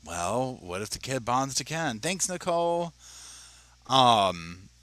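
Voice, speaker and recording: A man's voice: medium pitch, very animated, slow, a bit bright, dry recording. A man hosting a casual livestream, chatting and reading viewer comments as he reacts to a video. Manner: chatty, reads viewer comments aloud, says y'all. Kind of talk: casual live reaction chat.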